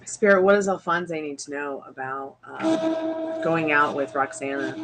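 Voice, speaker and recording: A woman's voice: lowish voice, very animated, slow pace, pauses often, background noise. A woman hosting a live tarot and spirit box stream, chatting casually, greeting viewers by name and calling on spirit. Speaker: tarot reader livestream host. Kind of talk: casual livestream chat. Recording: music playing behind the voice.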